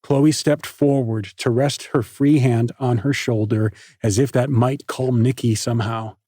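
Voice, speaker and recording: Slow, husky male audiobook narrator. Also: medium pitch, dry recording, clean studio sound. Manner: measured, even storytelling. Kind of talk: scripted narration.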